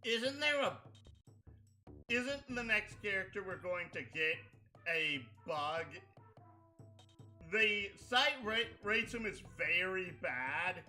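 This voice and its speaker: A man's voice: high-pitched, lively intonation, slow, long pauses, pushed and bright, faint music behind. A man streaming a game, chatting casually and teasing his co-player. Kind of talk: casual chat while gaming.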